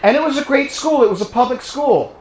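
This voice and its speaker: A guest speaker from England delivers a political talk to a live club audience gathered in a private home, where the room is echoey. He has a British accent and a very high-pitched, expressive voice that runs a little fast as he tells stories, rallies listeners and quizzes them.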